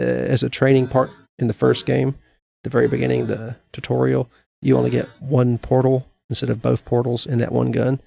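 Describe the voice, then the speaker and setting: A man's voice: medium pitch, gravelly, darkish tone. A man co-hosting a podcast, casually retelling things in a rambling way with fillers and restarts. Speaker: podcast co-host. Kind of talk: casual chat.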